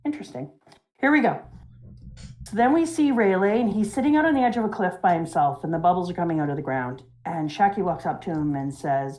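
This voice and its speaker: A woman co-hosting a livestream, recapping a comic in an animated, giggly way. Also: lowish voice, fairly quick, rough recording. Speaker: co-host. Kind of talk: casual livestream chat and recap.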